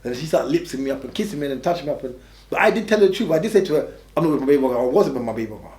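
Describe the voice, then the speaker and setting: Fast-talking blunt man, roomy sound. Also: fairly high pitch, animated, a little mellow. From England. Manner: blunt, rambling, restarts a lot. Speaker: interviewee. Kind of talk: candid storytelling. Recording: roomy echo.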